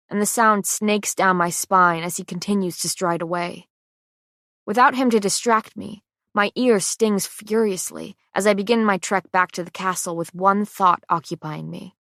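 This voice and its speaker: A woman's voice: medium pitch, fairly even intonation, measured pace, fairly bright tone, no room sound, studio quality. Woman narrating a fantasy audiobook. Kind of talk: scripted first-person audiobook narration.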